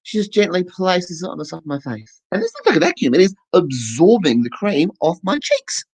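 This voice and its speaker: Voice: mid-range voice, very animated, brisk, a little mellow, husky, low-quality recording. A performer with an Australian accent telling a self-mocking comic story and acting out the voices. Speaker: stand-up performer, voicing a deaf comedian's set. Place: online festival stage.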